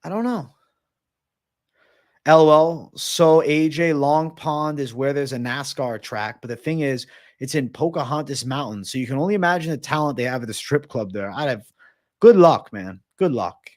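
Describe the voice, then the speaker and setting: A man's voice: medium pitch, normal speed. A man hosting a casual fight-sports livestream, reading out chat questions and answering with frequent swearing. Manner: profane, casual, reads chat questions aloud. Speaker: MMA livestream host.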